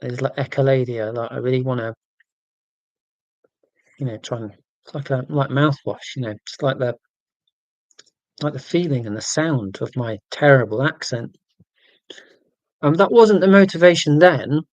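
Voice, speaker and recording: A British man in his 40s hosts a casual livestream, rambling through tangents in a self-deprecating way. His voice is medium-pitched at a normal speed with long pauses, and the lo-fi recording has no echo.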